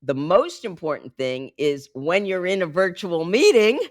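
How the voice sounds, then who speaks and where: A woman who coaches executives on speaking, talking with lively, emphatic emphasis in a podcast interview. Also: fairly low pitch, a little slow, no room sound, clean studio sound. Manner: lively, emphatic, teaching by example. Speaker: executive communication coach, guest.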